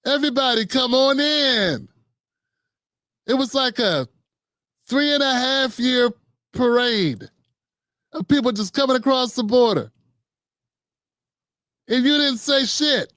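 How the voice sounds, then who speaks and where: A man's voice: extremely high pitch, lively intonation, slow, long pauses, bright, forceful tone, no echo, clean studio sound. A man hosting a live political commentary show, blunt and mocking, talking straight to his viewers. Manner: mocking, blunt, mimics people in put-on voices.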